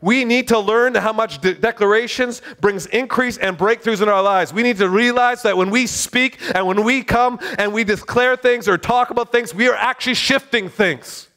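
A man's voice: sits high, moderate pace, hardly any pauses, sharp tone. A man preaching a sermon in a fervent, exclaiming way.

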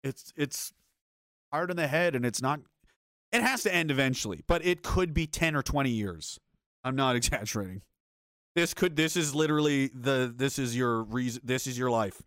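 A man's voice: medium pitch, animated, moderate pace, a bit bright, dry recording, studio quality. A man hosting a livestream, ranting in a heated, profane, sarcastic way and reading chat messages aloud. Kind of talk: angry political rant on a livestream.

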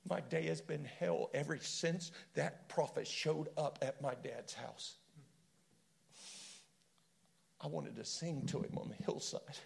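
A man voicing a broken, repentant king who speaks low and quietly in confession. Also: a little slow, vocal fry. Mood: weary, humbled. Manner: hushed, confessional.

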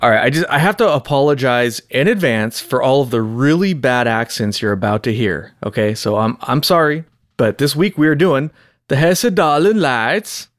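A man's voice: mid-range voice, animated, moderate pace, no echo, clean studio sound. A man co-hosting a podcast, chatting casually and reading out segments in a joking, self-deprecating way. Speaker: podcast co-host.

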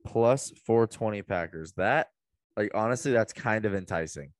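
A man's voice: lowish voice, normal speed, no room sound. A man in a casual sports betting chat, hesitant and full of fillers, swearing casually. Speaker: podcast co-host.

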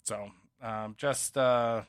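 A man's voice: medium pitch, fairly even intonation, drawn-out words, no room sound. A man co-hosting a sports podcast, talking casually and rambling with many fillers and restarts. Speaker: podcast co-host.

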